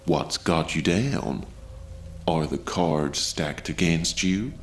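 A man voicing a tall, sly male gambler with a Southern American twang, soft-spoken and menacing, in a storybook reading. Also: lively intonation, slight background noise, heavily acted. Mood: sly menace. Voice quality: gravelly, slow, low drawl.

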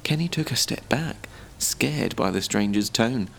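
A man narrating a written story in a measured, expressive storytelling manner. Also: mid-range voice, vocal fry, a little hiss or hum.

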